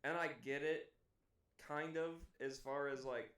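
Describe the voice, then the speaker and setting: A young man co-hosting a casual podcast in an echoey room. His voice sits somewhat high for a man. He talks in a laid-back way but presses his points hard when something annoys him. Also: steady tone, a little slow, a bit bright. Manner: laid-back, grows indignant and emphatic. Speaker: podcast co-host.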